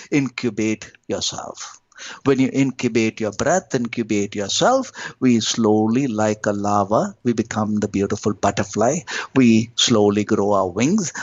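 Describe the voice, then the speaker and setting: A man speaking as a spiritual teacher and podcast guest. He teaches slowly and emphatically, lifting and dropping his voice in pitch and loudness from phrase to phrase. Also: breathy edge, no room sound, dull audio. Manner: slow, emphatic, lilting with sudden rises and drops in pitch and loudness.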